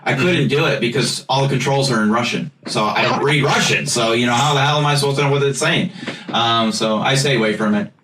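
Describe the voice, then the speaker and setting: A man's voice: medium pitch, a little fast, a bit bright, echoey room, far from the mic, a little hiss or hum. An American man hosting a podcast, chatting casually in a blunt, jokey way and swearing now and then. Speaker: podcast host. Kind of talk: casual chat.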